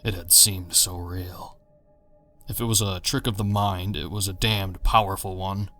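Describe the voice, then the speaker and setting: A man narrating a horror story in a measured, tense manner. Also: low voice, fairly even intonation, bright, forceful tone, faint music behind.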